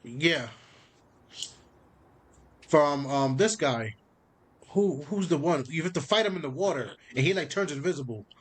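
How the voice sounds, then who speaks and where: A man with a high-pitched voice in a casual chat. He gets excited, swears freely and laughs as he retells scenes. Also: measured pace, long pauses, slightly rough. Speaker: podcast co-host. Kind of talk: casual chat about video games.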